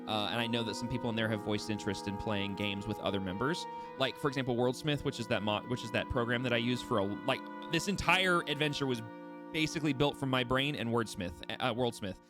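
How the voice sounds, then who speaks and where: Speaking at a medium pitch and a fast clip, a young game master chats casually at the table between tabletop sessions. He's animated, rambling with restarts and laughing at himself. A music bed plays behind his voice.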